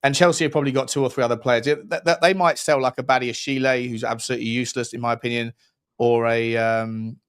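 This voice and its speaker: A man co-hosting a football talk livestream, chatty and upbeat, with blunt opinions and quick shout-outs to viewers. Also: medium pitch, fairly even intonation, clean tone. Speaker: co-host.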